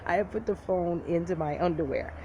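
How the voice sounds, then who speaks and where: A woman from the United States telling a personal story to camera in a blunt, profane, animated way. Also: lowish voice, normal speed. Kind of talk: casual storytime monologue. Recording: loud background noise.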